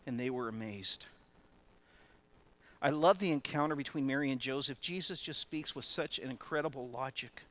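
A male pastor preaching a sermon in an animated way, often laughing between phrases. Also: mid-range voice, moderate pace.

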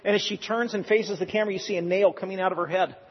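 A man's voice: high-pitched, fairly even intonation, fast talker, husky. A man preaching a sermon in an earnest, exhorting way with joking asides. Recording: reverberant hall, dull lo-fi sound.

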